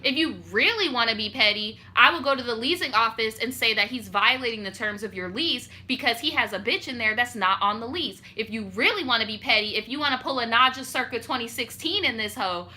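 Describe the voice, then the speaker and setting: A young woman hosting a storytime show, chatting casually and reading viewer stories with animated, profane asides. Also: fairly high pitch, a little fast, hardly any pauses.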